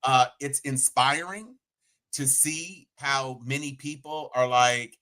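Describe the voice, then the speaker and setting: A man's voice: mid-range voice, slow pace, bright, forceful tone. A man co-hosting a podcast, chatting casually and playfully, with jokey asides. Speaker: podcast co-host. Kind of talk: casual political chat.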